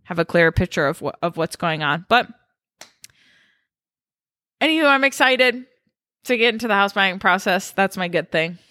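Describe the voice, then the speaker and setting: A woman's voice: medium pitch, expressive, moderate pace, pauses often, pushed and bright, no echo, clean studio sound. A woman co-hosting a podcast in casual chat, rambling with lots of "like" fillers. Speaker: podcast co-host.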